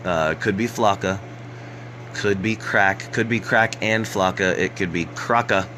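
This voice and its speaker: A man hosting a live-stream rant show, talking in a sarcastic, mocking way with many halting restarts. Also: low voice, background noise. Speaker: host of a political rant show.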